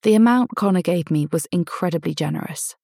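Low-voiced woman reading a first-person story. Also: fairly quick, gravelly, mellow, no room sound, studio quality. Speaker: audiobook narrator. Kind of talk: first-person scripted narration.

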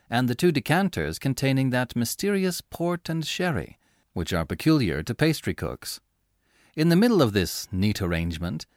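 A man reading a classic story aloud as narrator, with measured, expressive storytelling. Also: mid-range voice, no room sound, studio quality. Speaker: audiobook reader. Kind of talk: scripted narration.

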